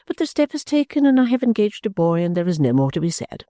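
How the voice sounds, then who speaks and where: A self-absorbed, middle-aged mother, played by a woman, who brushes off her child in a calm, clear, lowered voice. Her manner is smooth and condescending, and the tone is mellow. The sound is dry and close. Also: fast talker, no echo. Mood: serene, dismissive. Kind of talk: audiobook character voice.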